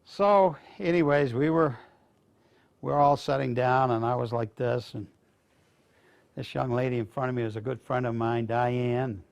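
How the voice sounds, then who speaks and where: An older man from Maine, a veteran, talks to students in a mid-range, creaky voice at a normal pace. He tells folksy stories casually and rambles, often restarting his anecdotes.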